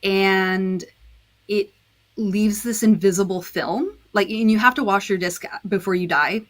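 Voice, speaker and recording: A woman's voice: medium pitch, a little slow. A woman guest on a podcast, explaining her dyeing process step by step in a casual chat, with frequent fillers. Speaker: podcast guest, disc dyer.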